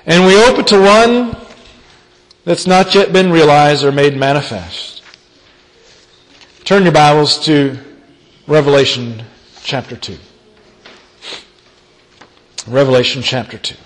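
In an unhurried sermon full of frequent pauses, a man reads scripture aloud and then retells it as dramatic storytelling, with sweeping changes in pitch and loudness. The hall gives the recording a long reverb.

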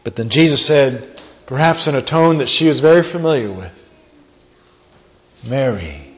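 Speaking a little fast, a preacher reads from scripture and dramatizes the story, his voice rising and falling widely in both pitch and volume. The sound carries a long reverb from the hall.

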